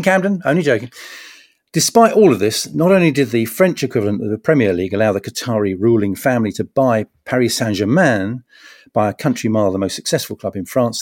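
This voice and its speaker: A man's voice: medium pitch, a little mellow, no room sound, clean studio sound. A man hosting a podcast, delivering a wry, punning satirical comedy monologue with sarcastic asides. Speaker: podcast host.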